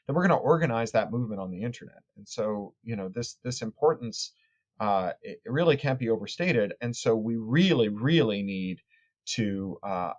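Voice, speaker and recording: A man's voice: lowish voice, darkish tone, highs cut off. Articulate man explaining at length. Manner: articulate and fluent, long explanatory sentences with frequent restarts. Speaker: author and tech critic guest. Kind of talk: podcast interview answer.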